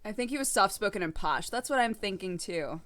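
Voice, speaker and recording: A woman's voice: mid-range voice, lively intonation, brisk, fairly bright tone. A woman streaming a game, chatting casually with her viewers in a self-deprecating way and laughing often. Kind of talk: casual live-stream chat while playing.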